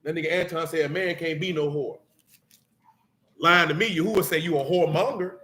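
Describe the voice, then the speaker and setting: A man's voice: fairly high pitch, brisk, bright, forceful tone. A man preaching a blunt, street-talking sermon mixed with scripture reading. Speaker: teacher.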